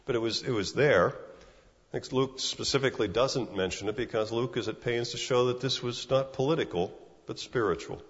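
A man's voice: medium pitch, a little fast. Guy giving a sermon, chatty and repeats himself a lot, muffled sound with long echo. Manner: conversational, repeats words, asks "right?". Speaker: pastor.

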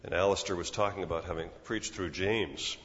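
A man's voice: low-pitched, fairly even intonation, brisk, fairly bright tone. A man in his sixties preaching a sermon in an earnest, conversational way, often restarting his phrases. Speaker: pastor. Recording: muffled sound with long reverb in a large hall.

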